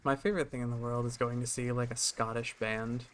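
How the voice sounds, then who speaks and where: A young man streaming a video game, chatting casually in an excitable, profane way and laughing often. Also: medium pitch, a little fast, a little hiss or hum. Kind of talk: casual gameplay chat.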